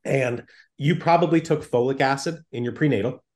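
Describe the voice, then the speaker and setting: A man's voice: medium pitch, normal speed. Male doctor, plain-spoken and emphatic in interview. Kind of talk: explanatory interview talk.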